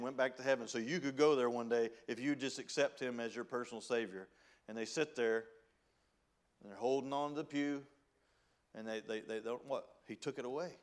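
A man preaching a sermon as pastor, with a Southern country accent, reading scripture in old-style wording and swinging between loud emphasis and hushed pleading. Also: mid-range voice. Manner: folksy preaching, reads King James scripture.

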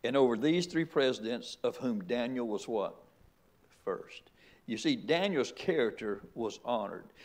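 A middle-aged man preaches a sermon from the pulpit. He drives his points with repeated rhetorical questions and emphatic restarts. His voice sits at an ordinary middle pitch. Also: expressive, a little slow. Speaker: pastor.

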